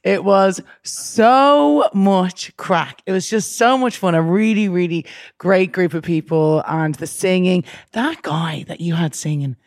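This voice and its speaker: A woman's voice: fairly low pitch, a little slow, no room sound, clean studio sound. A woman guest chatting in a bubbly, laughing way. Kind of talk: casual chat.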